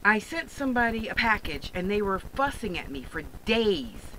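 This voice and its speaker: A woman's voice: medium pitch, big pitch swings, moderate pace, fairly bright tone, slight background noise, rough recording. A woman who sells jewelry online, ranting bluntly and sarcastically in a profane vlog monologue. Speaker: online jewelry and crystal seller.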